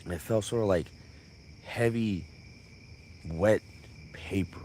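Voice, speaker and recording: A man's voice: on the low side, takes it slowly, long pauses, mellow, slight background noise. A man telling a profane comic tall tale on a live stream, with conversational asides.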